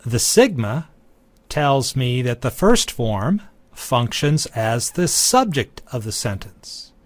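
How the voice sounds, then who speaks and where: A man giving a recorded lecture, teaching in a measured, deliberate way. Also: medium pitch, sing-song, no echo.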